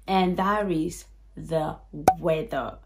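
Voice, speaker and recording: A woman with a Nigerian accent, chatting straight to her viewers in an animated, casual vlog. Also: deep voice, slow, gravelly, very noisy. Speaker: YouTube vlogger. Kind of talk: casual direct-to-camera vlog.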